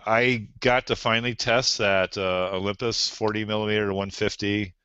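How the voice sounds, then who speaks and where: A man who is a podcast guest, talking gear in a casual chat and often pausing with "uh". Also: lowish voice, little pitch movement, bright, forceful tone, smooth, no echo, lo-fi sound. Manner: gear-focused, hesitant, many uhs.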